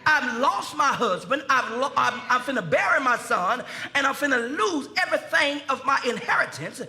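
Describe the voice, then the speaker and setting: A pastor acting out a desperate grieving believer who shouts disbelieving complaints at Jesus. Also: male voice, very high voice, lively intonation, normal speed, reverberant, full character voice. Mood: pleading, exasperated.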